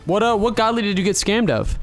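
A man's voice: high-pitched, fast talker, over music. Chatty man doing gaming commentary. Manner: excitable, chatty, bursts into loud cheers. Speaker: gaming YouTuber host. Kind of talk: casual gaming commentary with voice chat.

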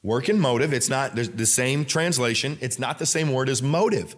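A male pastor preaches a sermon in a church, his mid-range voice at a moderate pace. He's emphatic and conversational, often questioning the congregation directly, with frequent fillers and restarts.

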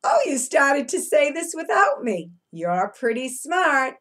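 Woman teacher reading to little kids, unhurried, very lively melody, coaxing questions. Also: high voice. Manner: singsong chanting, coaxing questions. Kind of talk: read-aloud lesson for young children.

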